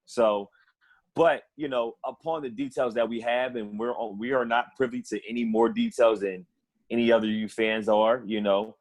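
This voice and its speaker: Give me a man co-hosting a casual sports chat, meandering and profane, medium pitch. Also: steady tone, moderate pace, a little mellow. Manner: rambling, profane, laughs between points. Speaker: podcast co-host.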